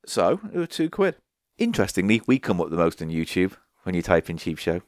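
A man co-hosting a comedy podcast, teasing and quick to laugh. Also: sits low, sing-song, no room sound, studio quality. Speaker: podcast co-host. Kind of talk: casual comedic banter.

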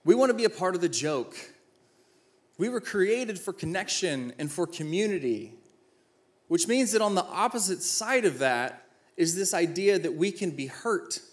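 An animated man in his thirties, once a football player, gives an inspirational talk in a high-pitched voice at a moderate pace. He acts out the dialogue in his personal stories and jokes at his own expense.

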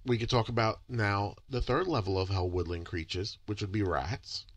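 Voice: sits low, moderate pace. A co-host cracking jokes and teasing in a casual conversation. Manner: teasing, wisecracking interjections. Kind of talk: casual chat.

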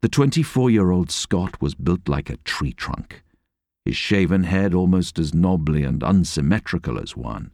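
A man reading a novel aloud as an audiobook narrator, expressive and measured. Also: sits low, dry recording, studio quality. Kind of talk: scripted narration.

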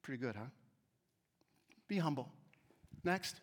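A man giving a humorous storytelling talk to an audience, acting out the voices of people in his stories and swinging between quiet asides and loud emphasis. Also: medium pitch, takes it slowly, breathy edge. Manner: animated, acts out quoted voices, shifts between soft asides and loud emphasis. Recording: long hall reverb.

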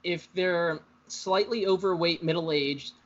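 A man chatting casually, rambling through a story and often laughing, with a slightly high voice. The recording is dull and lo-fi. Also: slow pace. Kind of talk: casual chat. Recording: dull lo-fi sound.

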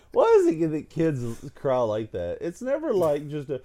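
Animated man telling a funny story. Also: fairly high pitch, measured pace, long pauses. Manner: animated, laughs through his own story. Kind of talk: casual storytelling chat.

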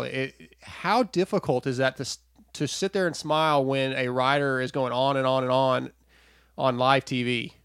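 A man's voice: mid-range voice, a bit bright, clear, resonant tone, no room sound, clean studio sound. A man hosting a casual interview, chatty and prone to stammering restarts. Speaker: podcast host. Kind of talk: casual interview over a call.

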